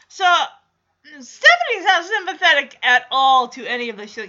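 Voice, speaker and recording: A woman's voice: high-pitched, big pitch swings, moderate pace, bright, forceful tone, lo-fi sound. A woman recapping a TV episode with sarcastic, exasperated commentary.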